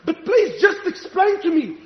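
A man's voice: extremely high pitch, animated, measured pace. A male preacher giving an impassioned, rhetorical sermon, challenging his listeners. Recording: echoey hall, dull lo-fi sound.

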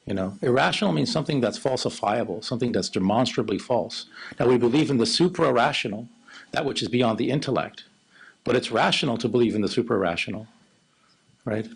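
A man delivering a religious lecture in a low, monotone voice. His tone is gravelly and a little husky, with a steady, even delivery. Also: a little fast, poor audio. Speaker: Islamic lecturer.

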